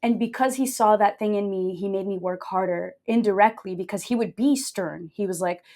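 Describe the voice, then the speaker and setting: A young adult woman from Brazil, a podcast guest telling her story in a candid, jokey, animated way. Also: medium pitch, moderate pace. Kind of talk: casual interview storytelling.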